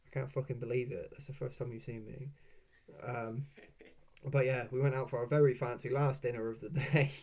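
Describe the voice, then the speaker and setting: A man's voice: mid-range voice, steady tone, fairly quick, darkish tone. A young man telling travel stories in a casual, swearing voice-over, laughing at his own mishaps. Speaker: vlogger.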